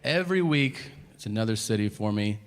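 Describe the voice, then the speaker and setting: A man doing a stand-up routine, sarcastic and exasperated, his voice jumping high in mock outrage. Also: expressive, fairly quick. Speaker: stand-up comedian. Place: comedy stage before a laughing audience. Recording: live show with clear crowd noise.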